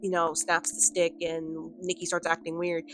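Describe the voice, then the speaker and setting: A woman's voice: lowish voice, monotone, moderate pace, over music. A woman talking casually to camera in a commentary vlog, rambling with lots of fillers and the odd laugh. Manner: rambling, filler-heavy with frequent "like" and "um"; chatty, laughs between points. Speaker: video commentator. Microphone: camera on a stand.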